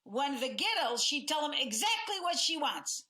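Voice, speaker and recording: A woman's voice: high-pitched, sing-song, moderate pace, sharp tone, pitched above the performer's own voice, heavily acted. A woman doing her blunt older mother. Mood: matter-of-fact. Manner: blunt, plain advice in broken English.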